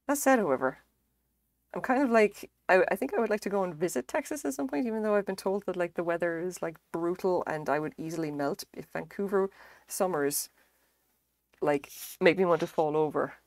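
A woman's voice: fairly low pitch, brisk, darkish tone, dry recording. A woman chatting casually on a live stream, rambling and self-deprecating, swearing freely as she talks. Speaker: livestreamer. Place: home craft stream setup.

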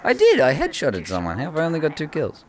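A young man mumbling casual commentary while playing a shooter game, breaking into sudden high yelps now and then. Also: sing-song, fast talker. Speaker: gaming channel host.

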